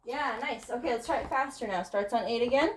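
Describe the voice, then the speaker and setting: A woman teaching tap dance, calling out steps and counts in a brisk, encouraging way in her studio. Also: fairly high pitch, far from the mic, very noisy. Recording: echoey studio with loud tap clicks.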